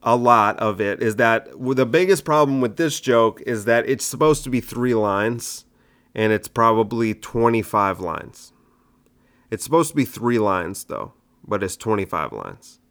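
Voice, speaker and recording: A man's voice: mid-range voice, animated, measured pace, fairly bright tone. A young adult man, a stand-up comedian hosting his own show, rambling casually and mocking his own old jokes. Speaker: stand-up comedian and podcast host. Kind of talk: casual solo podcast monologue.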